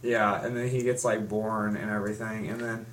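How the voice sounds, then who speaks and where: A man's voice: on the low side, flat delivery, moderate pace, fairly bright tone. A young man in casual chat, rambling through a story with many restarts and fillers. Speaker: fan recapping a comic.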